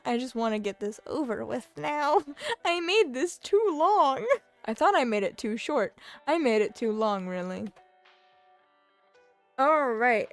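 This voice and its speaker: A woman's voice: on the high side, a little slow, long pauses, faint music behind. A young woman vlogging from her bedroom, rambling casually with lots of fillers and restarts. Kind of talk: casual chatty commentary.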